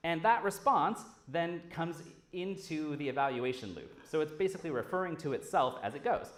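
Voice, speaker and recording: Man, conference speaker, casual and animated, swears a lot, roomy lecture-hall sound. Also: a little high, normal speed. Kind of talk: conference talk.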